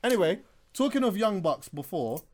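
A man co-hosting a casual podcast chat, talking in an animated, insistent way and often repeating himself. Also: high voice, moderate pace. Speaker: podcast co-host.

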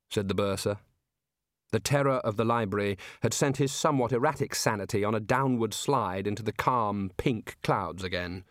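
A man narrating an audiobook in a measured, expressive reading. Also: lowish voice, dry recording, studio quality. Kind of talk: scripted narration.

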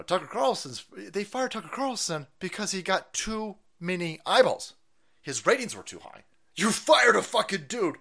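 A man live-streaming a profane, mocking rant as a show host, with angry shouted bursts. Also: high voice. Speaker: political streamer.

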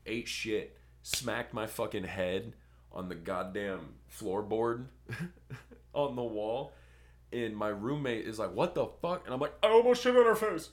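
Man, very deep voice, young adult, casual podcast chat, crude rambling storyteller. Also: fairly bright tone, a little hiss or hum. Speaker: podcast co-host.

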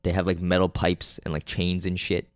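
Man, deep smooth voice, casual podcast recap, rambling, lots of ums and restarts, swears a lot, dry close sound. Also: completely flat delivery, moderate pace, dry recording. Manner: rambling and loose, with many fillers, restarts and frequent swearing; offhand and unpolished, losing names mid-sentence. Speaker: podcast host reviewing movies. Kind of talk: casual solo movie recap.

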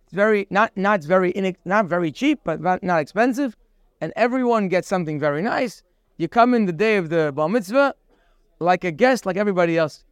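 A man teaching a daily Torah class, lively and full of rhetorical questions, reading Hebrew verses and explaining them. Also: high-pitched, a little fast, clean tone, no echo, clean studio sound.

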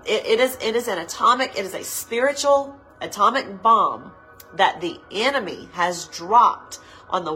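A woman pastor preaches to a live online audience in an earnest, pleading voice. She sounds teary-eyed, talks slowly and returns again and again to the same phrases. Faint music plays softly behind her. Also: mid-range voice, rough recording. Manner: earnest, pleading, repeats phrases, slows to linger on words. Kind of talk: live-streamed devotional sermon.

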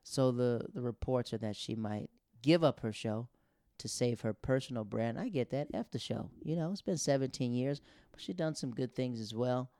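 Gravelly-voiced chatty comedian. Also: male voice, medium pitch, normal speed, dark tone, dry recording, clean studio sound. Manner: chatty, full of "like" fillers. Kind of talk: casual comedic storytelling.

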